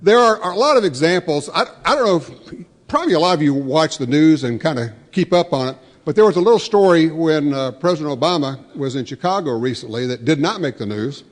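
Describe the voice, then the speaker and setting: A man's voice: a little high, lively intonation, a little fast, in a large hall. A man emceeing an awards luncheon, introducing guests and telling folksy jokes with frequent restarts. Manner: folksy, with self-correcting restarts. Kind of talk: joke-telling emcee remarks. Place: large banquet hall.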